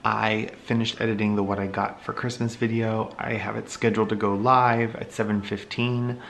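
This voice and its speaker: A young man chatting casually in a home vlog, relaxed and quietly upbeat. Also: fairly low pitch, moderate pace, creaky, slight background noise. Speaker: vlogger.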